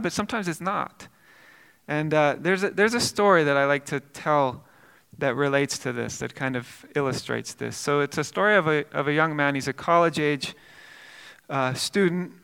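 A man's voice: on the high side, moderate pace, creaky, a bit bright, smooth, big-room sound. A male pastor preaching a sermon, telling a story earnestly with frequent repeated words and restarts.

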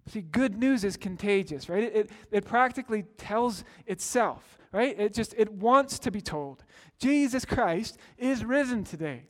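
A man with a notably high speaking voice delivers a sermon as pastor. He tells stories plainly, then lifts into earnest, emphatic calls to his listeners. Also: expressive, unhurried, hardly any pauses. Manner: earnest preaching with rising emphatic exclamations.

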